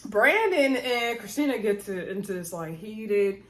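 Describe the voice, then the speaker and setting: A woman's voice: medium pitch, expressive, unhurried, fairly bright tone. A woman hosting a casual reality TV recap in a chatty, gossipy retelling style. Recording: roomy echo.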